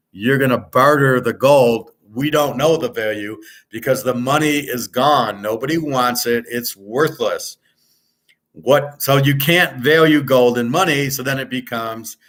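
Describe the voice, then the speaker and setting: A man's voice: medium pitch, fairly bright tone. An older man hosting a livestream, ranting bluntly and profanely, repeating his points with emphasis and speaking straight to a viewer. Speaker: host.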